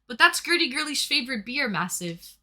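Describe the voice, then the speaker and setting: Very animated and brisk, with a high, bright, forceful voice, a young woman reads chat messages aloud during a casual live stream from home. She keeps the tone chatty and playful.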